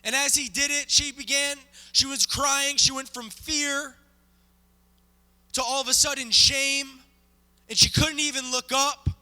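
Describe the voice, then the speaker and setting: High-voiced male guest preacher, dramatic storyteller, booming church hall. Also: fairly even intonation, measured pace, bright, forceful tone. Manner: dramatic, acts out the story with volunteers. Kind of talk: sermon storytelling. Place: church sanctuary.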